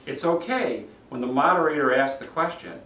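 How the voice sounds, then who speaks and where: A man's voice: a little high, normal speed. A man working as a public speaking coach, critiquing speeches on video and acting out the delivery habits he describes. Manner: animated, demonstrates delivery himself. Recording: roomy echo, mic at a distance.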